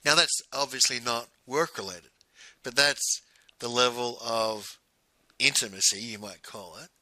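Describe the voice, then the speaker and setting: Bright-voiced man telling a story. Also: mid-range voice, fairly even intonation, measured pace, no room sound, poor audio. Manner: conversational, often quoting dialogue. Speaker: host. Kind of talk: personal storytelling.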